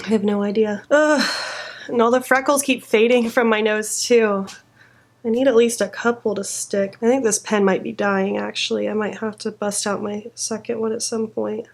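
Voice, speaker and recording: A woman's voice: medium pitch, fairly even intonation, normal speed, creaky. A young woman chatting through a makeup tutorial, self-critical and easily frustrated. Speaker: beauty vlogger.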